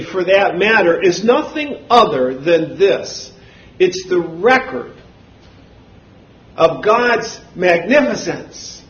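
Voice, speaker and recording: A man preaching a sermon, swinging from booming shouts to low murmurs. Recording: roomy, dull hall recording.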